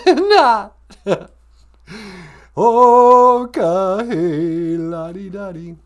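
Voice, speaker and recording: A woman's voice: fairly low pitch, big pitch swings, measured pace, darkish tone. Teasing woman co-host. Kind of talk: casual chat.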